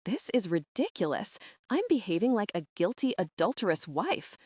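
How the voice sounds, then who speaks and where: Expressive woman narrating an audiobook. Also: medium pitch, normal speed, husky, no room sound, studio quality. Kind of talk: first-person audiobook narration.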